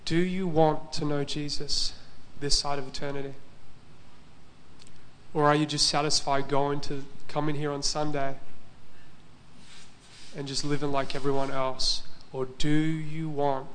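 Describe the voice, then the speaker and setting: A man's voice: on the high side, flat delivery, measured pace, pauses often, fairly bright tone. A man preaching in a church, telling a personal story in an earnest, emotional way. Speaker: pastor.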